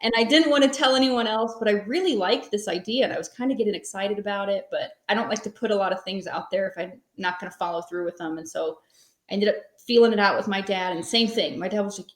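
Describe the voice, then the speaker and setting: Talking fast at a middling pitch, a small business owner in her thirties rambles through her story as a podcast guest, relaxed and conversational with plenty of fillers. It's casual interview storytelling, and the room around her echoes.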